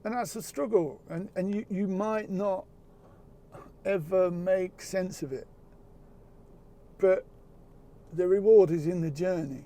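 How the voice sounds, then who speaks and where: A man speaking earnestly in a reflective, casual chat, halting and repeating words as he goes, with the odd swear word. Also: high voice, mellow.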